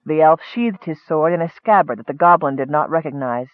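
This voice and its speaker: High-voiced man reading a fantasy story. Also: brisk, no echo, narrow, tinny audio. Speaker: narrator. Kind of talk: audiobook fantasy narration.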